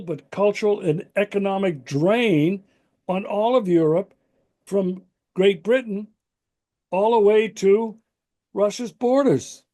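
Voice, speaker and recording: A male host leads a political interview in a somewhat high but mellow voice. He speaks in a measured way, pausing and restarting as he builds his questions. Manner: measured, with many fillers and restarts.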